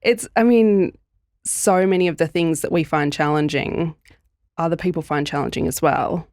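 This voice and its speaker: A woman's voice: low-pitched, moderate pace, darkish tone, dry recording, clean studio sound. A woman co-hosting a podcast who explains ideas step by step and laughs often. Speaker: podcast co-host, body image expert. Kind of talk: casual podcast chat.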